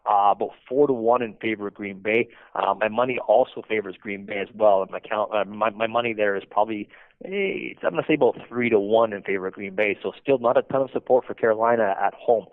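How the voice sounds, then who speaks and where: Man, quick halting speech, phone-line sound, low voice. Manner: halting, many restarts and fillers. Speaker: sportsbook lines manager. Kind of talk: casual phone-in interview.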